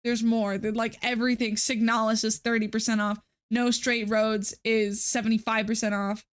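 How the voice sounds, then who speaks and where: A woman's voice: a little high, little pitch movement, normal speed. Exasperated young woman streamer ranting. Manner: ranting, exasperated, dramatic outbursts. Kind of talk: casual live-stream chat.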